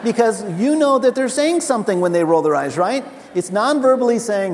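A male pastor giving a sermon in an animated, conversational way with laughing asides. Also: very high-pitched, brisk, few pauses, a little hiss or hum. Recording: large hall reverb.

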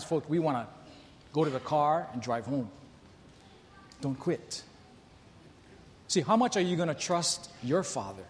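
A man in his thirties preaching a sermon, telling stories in a conversational way and asking the congregation rhetorical questions. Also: fairly high pitch. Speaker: pastor. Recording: long hall reverb, faint ambience.

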